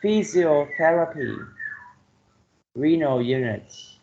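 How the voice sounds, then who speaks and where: A man's voice: on the high side, a little mellow, dull audio, a little hiss or hum. A male English teacher with a Vietnamese accent, giving an online class lecture and checking in with "okay" and "right?" after nearly every phrase. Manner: slow, repeats "okay" and "right?" to check understanding.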